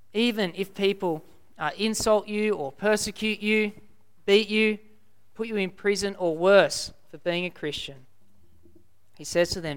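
A preacher delivers a sermon in a measured, explanatory manner, reading and unpacking scripture verse by verse. The voice is smooth and clear, pitched mid-range.

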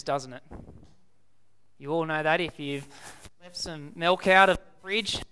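A young Australian man preaching a sermon, stressing key words by repeating them slowly. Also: a little high, bright, forceful tone, smooth.

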